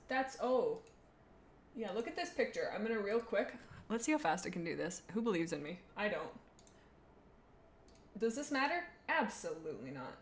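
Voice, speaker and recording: A woman streaming in a bubbly, gushing, rambling chat, often dropping to a low mumble while she works the screen. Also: fairly bright tone. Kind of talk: casual live-stream chat.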